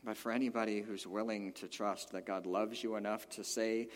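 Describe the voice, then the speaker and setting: A man preaching a sermon in a church, animated and emphatic, rising to loud peaks and dropping to quiet asides. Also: lowish voice, moderate pace. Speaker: pastor. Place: church sanctuary. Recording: long hall reverb.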